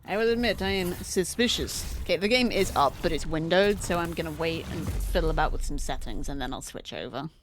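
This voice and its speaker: A woman's voice: low voice, animated, fairly quick, few pauses, a little hiss or hum. A woman streaming from home, chatting casually and candidly with her viewers while setting up a game. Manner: chatty and candid, greets chat by name, swears casually.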